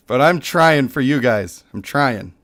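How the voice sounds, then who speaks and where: Slow-talking male game streamer. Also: medium pitch, a bit bright. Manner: joking, laughs at himself. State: voice a bit worn, cutting out. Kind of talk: casual live-stream chat.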